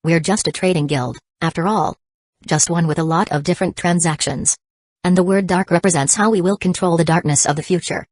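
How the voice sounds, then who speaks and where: Woman reading eager younger brother, earnest, low, dry close sound. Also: steady tone, brisk, a little mellow, dry recording, lightly acted.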